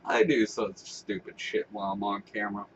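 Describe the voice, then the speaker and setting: A man's voice: lowish voice, level tone, a little fast, dull audio, slight background noise. A man talking casually to camera as a vlogger, rambling and swearing with laughing asides. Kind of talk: casual vlog commentary.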